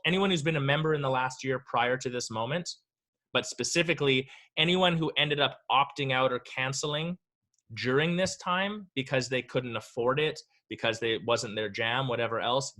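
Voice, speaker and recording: A man leads a business coaching webinar with a bright, forward tone. He speaks casually and with energy, like a coach talking straight to his audience. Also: medium pitch. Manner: energetic, casual and conversational, acts out quoted voices. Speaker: webinar presenter.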